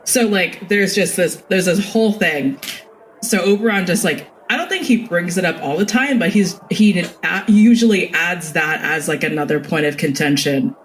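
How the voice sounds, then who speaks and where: A man's voice: high-pitched, moderate pace, a bit bright, slight background noise, rough recording. A man co-hosting a casual podcast, loosely explaining lore with a joking, rambling manner. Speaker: podcast co-host.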